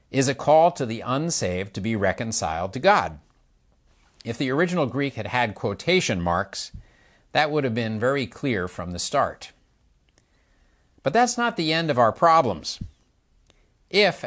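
An older man in a mid-range voice preaches slowly, posing questions to the listeners and using his hands to illustrate his points.

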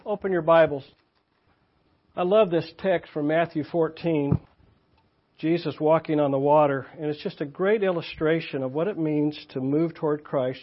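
An older man giving a sermon in a church, teaching in a conversational way and asking the congregation questions. His voice sounds slightly muffled. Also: on the high side. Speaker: pastor. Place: church meeting room.

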